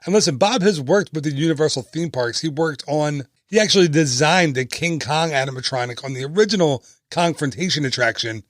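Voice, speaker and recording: A man's voice: a little high, fairly quick, few pauses, dry recording, studio quality. A man in his thirties hosting a casual travel podcast, upbeat and chatty with joking asides. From United States. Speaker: podcast host and travel agent.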